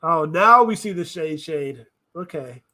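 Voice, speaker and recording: A man riffing through casual reaction commentary with a voice pitched a little high. He thinks out loud, wanders off track and corrects himself as he goes. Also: lively intonation, a little slow, noisy background. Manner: rambling, thinking aloud, self-correcting. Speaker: reaction video host.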